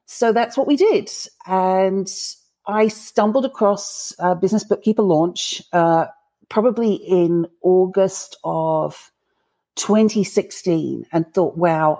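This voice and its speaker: A woman's voice: fairly low pitch, warm tone. A woman from the United Kingdom, chatting enthusiastically as an interview guest. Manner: upbeat and enthusiastic. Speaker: guest, bookkeeping business owner. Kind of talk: casual interview chat.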